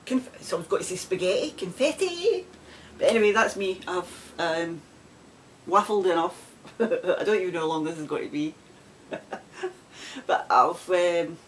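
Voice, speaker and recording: A woman with a west of Scotland accent hosts her knitting podcast in easy, rambling chat. Her voice sits a little low, and she laughs often between asides. A faint hiss sits under the recording. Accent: West of Scotland Scottish. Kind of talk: casual chat.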